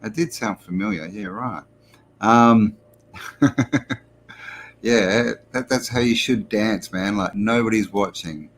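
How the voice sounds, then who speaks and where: A rambling Australian man chats casually with viewers on a live stream, chuckling as he greets them one by one. His voice sits fairly low, with a faint hiss behind it. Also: takes it slowly, long pauses. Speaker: host.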